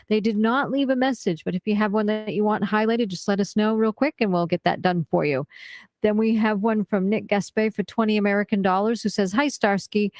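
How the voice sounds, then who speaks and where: A woman's voice: medium pitch, a little mellow, no echo. A woman co-hosting a live show, reading donation messages aloud in a friendly way with small stumbles.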